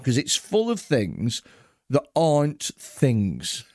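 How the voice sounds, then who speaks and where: A man's voice: medium pitch, huge pitch swings, takes it slowly, a little mellow, no room sound, clean studio sound. A man co-hosting a comedy podcast, chatting casually, swearing and laughing often. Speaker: podcast co-host.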